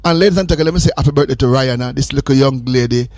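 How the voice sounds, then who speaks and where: A man's voice: medium pitch, very fast, a little mellow, no room sound. A man hosting a radio call-in show, joking and teasing his caller in a playful, sing-song way. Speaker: radio host. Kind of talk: casual call-in chat.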